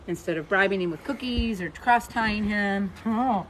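A woman's voice: mid-range voice, normal speed, a little hiss or hum, low-quality recording. A woman from Missouri, a horse trainer talking casually to camera outdoors while trimming her horse's hoof, joking and folksy.

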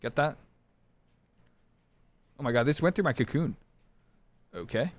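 A man streaming a competitive online game live, talking his teammates through the match in short clipped callouts and bursting into excited shouts. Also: mid-range voice, unhurried. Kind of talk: live gameplay commentary.

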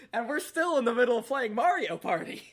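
A man's voice: extremely high pitch, sing-song, normal speed, fairly bright tone. A young man casually telling a rambling, profane party story on a podcast, laughing often. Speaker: podcast host.

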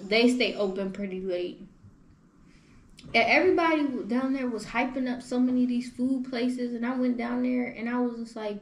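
A young woman hosting a podcast, telling travel stories in animated slang-filled casual chat. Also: on the high side. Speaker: podcast host. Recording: echoey room with faint noise.

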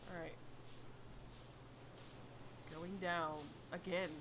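A woman's voice: fairly low pitch, level tone, extremely slow, noisy background. A woman streaming a horror video game, talking to herself in jumpy exclamations. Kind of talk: live horror game playthrough.

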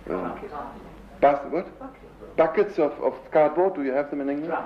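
A man with a German accent giving a live lecture as a composer, pausing to search for English words and imitating sounds with his voice. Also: fairly high pitch, very animated. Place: lecture hall. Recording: roomy dull 1970s lecture recording with faint hiss.

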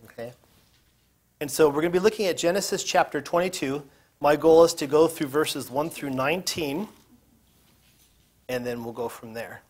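Man, higher-pitched, Bible teacher, casual, reads scripture aloud, joking asides. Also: moderate pace, pauses often, a little mellow.

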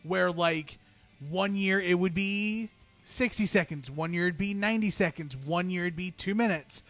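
A man's voice: high-pitched, normal speed, fairly bright tone, faint music behind. A man on a casual talk-show panel, wisecracking and giving wry takes. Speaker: regular panelist. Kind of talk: casual chat.

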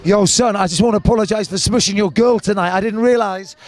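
A male host hyping up a street freestyle outdoors at night, loud and chanting catchphrases. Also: sits high, fast talker. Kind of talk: hype street presenting.

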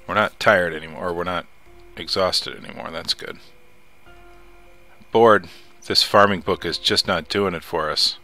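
A man's voice: low-pitched, fairly even intonation, a little slow, bright, forceful tone, soft background music. A man casually commenting as he plays a survival game, chatty, muttering to himself and swearing when something startles him. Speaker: let's play host.

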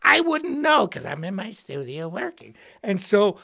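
Excitable gravelly man, lively pitch. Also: normal speed, noisy background. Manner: excitable, shouts words for emphasis; slangy, says dude and bro. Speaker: host and guitarist. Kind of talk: animated storytelling on a livestream.

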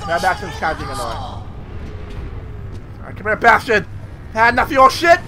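A man commentating his own gameplay as a video host, excitable and swearing a lot, often squealing. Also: sits high, fairly quick, a little hiss or hum. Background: game music and sound effects.

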